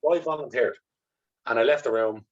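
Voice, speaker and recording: A blunt Irishman appears as an interview guest, telling candid stories with animation and plenty of swearing. His voice is medium-pitched and brisk, and the recording sounds dull and lo-fi, with the highs rolled off.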